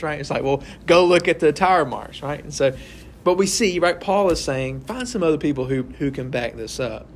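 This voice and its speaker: Slight background noise accompanies a man whose voice is a little high as he runs an interactive Bible study. He talks conversationally, quizzes the group, acts out small scenes, and tags sentences with "right?"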